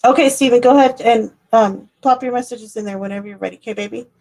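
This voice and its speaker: High-voiced chatty tarot reader woman. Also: quick pace, darkish tone. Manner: chatty, rambling, laughs often, swears casually. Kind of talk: casual livestream chat.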